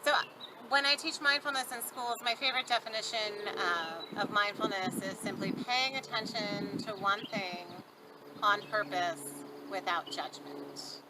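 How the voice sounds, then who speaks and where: A middle-aged woman teaches a mindfulness practice in a calm, gentle way, at a moderate everyday pitch. She is recorded outdoors, and birdsong and distant traffic come through clearly behind her voice. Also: unhurried. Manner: gentle, calm guiding with soft fillers. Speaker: mindfulness instructor and yoga teacher. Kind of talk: guided mindfulness lesson. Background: birdsong, distant traffic and farm sounds.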